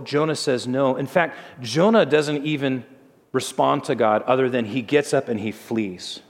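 A man's voice: mid-range voice, moderate pace. A male pastor preaching a sermon, telling the story in a conversational way with dramatic drops in his voice. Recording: long hall reverb.

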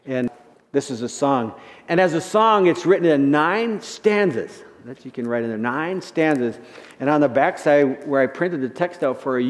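A male pastor preaching a sermon, rising loud and high when reading scripture and dropping soft for asides. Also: in a large hall.

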